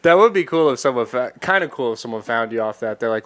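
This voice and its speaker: A man's voice: medium pitch, lively intonation, fast talker, a bit bright. A man hosting a casual comedy podcast, joking and swearing freely. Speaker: podcast host.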